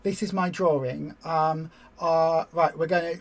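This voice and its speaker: A woman runs a weight-loss group livestream, her voice sitting low and her pace measured. She chats casually and wanders off into lively, acted-out asides.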